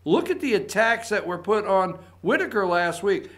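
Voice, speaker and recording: A man's voice: sits high, moderate pace, a bit bright. A male talk show host, giving indignant political opinion commentary full of repeated points and rhetorical questions.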